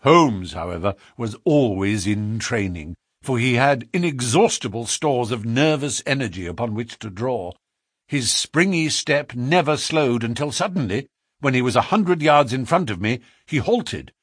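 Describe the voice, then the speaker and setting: A man narrating a story aloud in measured, scripted storytelling. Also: breathy edge, no echo, studio quality. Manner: measured storytelling, lively pitch.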